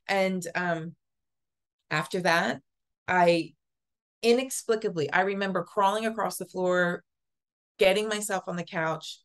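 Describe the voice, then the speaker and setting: A woman telling a personal story as an interview guest, earnest and halting, often repeating words. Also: mid-range voice. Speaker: podcast guest, psychic Reiki master.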